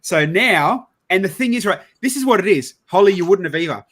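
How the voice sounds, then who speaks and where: A man's voice: sits high, fairly quick. A man with an Australian accent, chatting casually and telling a rambling story, acting out other people's lines and swearing loosely. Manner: rambling, animated, swears casually, acts out dialogue. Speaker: podcast host.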